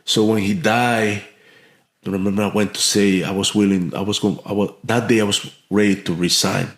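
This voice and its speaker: A man's voice: on the low side, steady tone, normal speed, a bit bright. A man from Mexico telling a heartfelt story as a podcast guest, earnest and full of restarts and fillers. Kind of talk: storytelling in an interview. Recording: echoey room.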